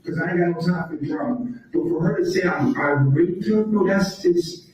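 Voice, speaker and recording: A man testifying as a witness in court, halting and rambling with frequent profanity, recorded far off in a courtroom. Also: high voice, darkish tone. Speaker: witness on the stand. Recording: echoey courtroom audio from far off.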